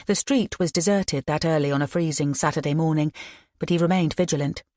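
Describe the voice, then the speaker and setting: A woman narrating an audiobook in an even, measured storytelling manner. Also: low-pitched, dry recording, studio quality. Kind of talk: scripted narration.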